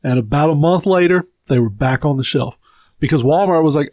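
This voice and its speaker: A man's voice: fairly high pitch, brisk, darkish tone, no echo. A man with a Southern US accent co-hosting a podcast, giving blunt, profane opinions in casual chat. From Southern United States. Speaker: podcast co-host.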